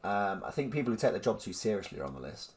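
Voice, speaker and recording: Rambling man, lively pitch. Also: fast talker. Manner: rambling, lots of ums, mock-incredulous asides. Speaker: livestream host. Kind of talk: casual chat reading viewer comments.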